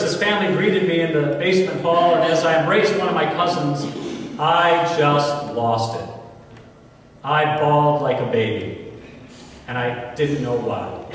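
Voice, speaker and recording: A man in his forties with an American accent, a priest telling a personal story in a homily, earnest and slow with emphatic pauses. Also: fairly high pitch, a bit bright, slight background noise. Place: large church. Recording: echoey church hall from far off.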